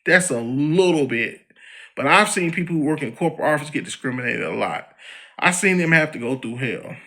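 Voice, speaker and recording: Animated, bright-voiced man ranting. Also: a little high, brisk. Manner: slangy and animated, addressing a celebrity directly. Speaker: podcast host. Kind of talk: ranting commentary monologue.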